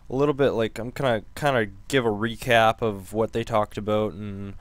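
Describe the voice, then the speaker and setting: Low-voiced man, slightly hoarse, rambling. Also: fairly even intonation, moderate pace, hardly any pauses, dry recording. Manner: rambling, many ums and restarts. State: losing his voice. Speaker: gaming channel host. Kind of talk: casual game news recap.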